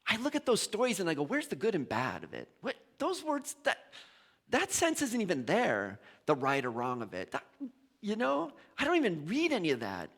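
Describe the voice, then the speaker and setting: A middle-aged male minister giving a conversational sermon, telling the story in an animated way and often repeating and restarting his words. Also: high voice.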